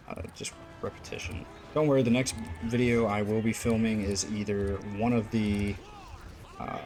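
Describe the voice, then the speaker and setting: A man hosting a gaming channel gives casual, rambling gameplay commentary packed with fillers and the occasional curse. His voice is lowish and darkish in tone, with a little hiss or hum in the recording.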